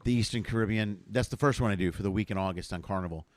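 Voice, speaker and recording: A man hosting a casual comedy chat, animated and foul-mouthed, acting out little bits as he goes. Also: lowish voice, racing, dry recording. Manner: animated, swears freely, acts out bits. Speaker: host.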